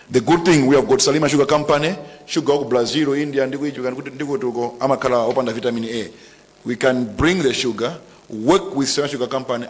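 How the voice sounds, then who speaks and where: Brief: middle-aged Malawian man, defiant government minister at a briefing, mid-pitched voice, long hall reverb. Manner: emphatic, defiant, mixes local language into English. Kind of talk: press briefing statement.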